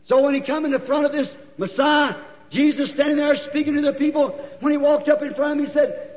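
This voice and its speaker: A man preaching a sermon in folksy storytelling, sometimes rising to shouts, recorded in a church hall. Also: very high-pitched, brisk. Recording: dull recording with long hall echo.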